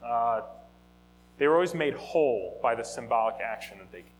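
A man giving an informal Bible teaching at a middle pitch, talking to the room and correcting himself as he goes. His tone is conversational and animated. A faint hum sits under the recording. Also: moderate pace. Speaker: teacher of a Bible study or sermon.

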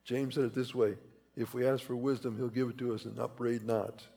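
Gravelly-voiced man preaching in a hall. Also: medium pitch, level tone, brisk, warm tone. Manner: rambling, repeats himself, rising emphasis on key phrases. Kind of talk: conversational sermon. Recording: reverberant hall.

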